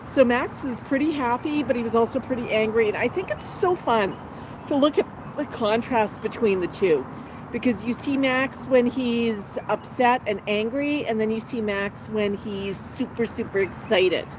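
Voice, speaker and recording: A woman's voice: on the high side, moderate pace, background noise. A woman hosting a casual livestream on an outdoor patio, chatting to her pet bird and her viewers by turns. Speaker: parrot channel host.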